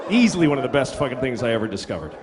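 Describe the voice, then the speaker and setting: Rapid-fire and sing-song in a mid-range voice, a middle-aged man performs stand-up at a comedy venue, acting out quotes in crude stories that poke fun at himself. The reverberant hall carries audience noise and laughter.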